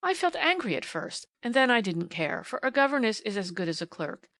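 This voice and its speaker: A woman's voice: on the high side, sing-song, brisk, fairly bright tone, no echo. A woman reading a classic novel aloud in scripted first-person audiobook narration, with a wry storytelling manner.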